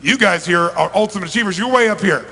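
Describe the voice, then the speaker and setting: Fast and with a breathy edge, a middle-aged man's somewhat high voice carries a motivational seminar for a large audience. He swings from loud to quiet, working the room with rhetorical questions, while the reverberant hall rings around him.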